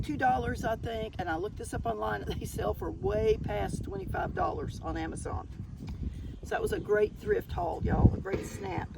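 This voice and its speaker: Older southern lady showing off her thrift haul, gravelly voice, folksy and chatty. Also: fairly high pitch, very noisy. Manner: chatty and folksy, keeps calling the viewers y'all. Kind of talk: casual show-and-tell haul.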